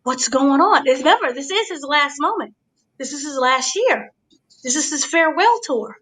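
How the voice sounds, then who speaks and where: A woman hosting a casual review chat, giving an excited blow-by-blow recap and checking in with her listeners. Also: high voice, normal speed, poor audio. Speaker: podcast host.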